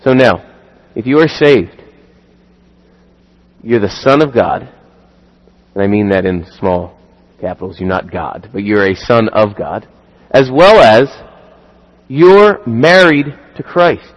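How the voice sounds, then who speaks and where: A man's voice: fairly low pitch, slow, long pauses, muffled recording. A man preaching a sermon in an earnest way, driving points home with repeated rhetorical questions. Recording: long hall reverb.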